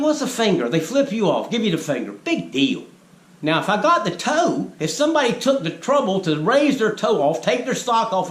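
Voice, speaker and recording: A man's voice: high-pitched, fairly bright tone. A man giving a preachy monologue, lecturing the viewers and firing rhetorical questions at them. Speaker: vlogger. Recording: echoey room with faint ambient noise.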